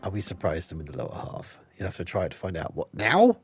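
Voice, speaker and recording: A man's voice: low-pitched, quick pace, loud music behind the voice. A man giving casual, rambling commentary as a game streamer at home. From England. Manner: rambling, chatty asides.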